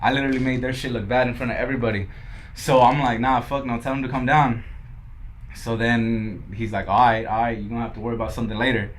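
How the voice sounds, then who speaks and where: A man's voice: mid-range voice, fairly even intonation, quick pace, slight background noise. A young man from Los Angeles, a podcast guest who tells his story casually, swearing often and acting out what others said. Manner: laid-back, swears a lot, quotes others in dialogue.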